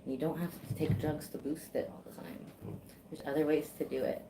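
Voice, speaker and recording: A woman's voice: low voice, fairly even intonation, a little fast, background noise. A woman practitioner chatting casually while she gives a face sculpting massage, swearing easily and laughing.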